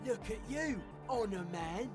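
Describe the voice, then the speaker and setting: A woman's voice: fairly high pitch, expressive, measured pace, faint music behind. An actress voicing an earnest young woman in a video game who is an enthusiastic techno dance fan.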